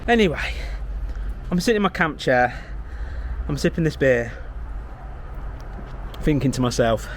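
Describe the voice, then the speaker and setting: A man's voice: mid-range voice, expressive, measured pace, pauses often, slight background noise. A man making a comic vlog at a campsite outdoors, wry and sarcastic, joking at his own expense. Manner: wry and sarcastic, laughs at himself. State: a bit out of breath. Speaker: vlogger. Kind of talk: self-deprecating comic vlog.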